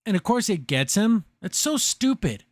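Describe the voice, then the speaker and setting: A man hosts a podcast and rambles through an episode recap with a sarcastic edge. His voice sits a bit high, and he talks in loose, restarting sentences. The recording is close and dry. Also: sing-song, moderate pace, no room sound. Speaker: podcast host reviewing a show.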